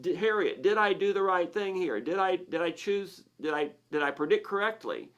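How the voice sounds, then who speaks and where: A man's voice: high voice, normal speed, fairly bright tone, voice pushed up. A man voicing a neurotic, insecure lizard brain that anxiously asks whether it did the right thing. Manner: anxious, fretful questioning.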